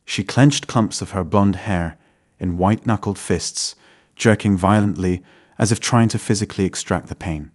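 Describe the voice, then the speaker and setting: A man narrating a dramatic first-person story in a measured, scripted delivery. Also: on the low side.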